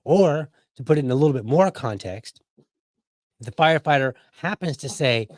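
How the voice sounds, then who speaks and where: A man's voice: mid-range voice, animated, normal speed, a little mellow, dry recording. Chatty man hosting a podcast, dry sound. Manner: conversational, hyperbolic, keeps asking "right?". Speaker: podcast host. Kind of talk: casual political commentary.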